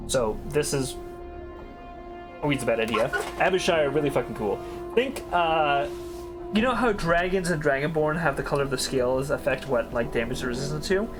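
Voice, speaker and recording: A man's voice: on the high side, normal speed, music in the background. A man streaming a video game, chatting casually, thinking aloud, swearing freely and reading on-screen text aloud.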